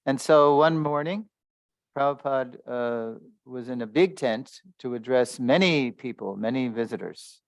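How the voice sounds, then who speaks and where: A man's voice: medium pitch, unhurried, no echo. A man giving a spiritual lesson as a story, talking loosely with many fillers and small chuckles. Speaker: spiritual teacher. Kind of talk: storytelling lecture.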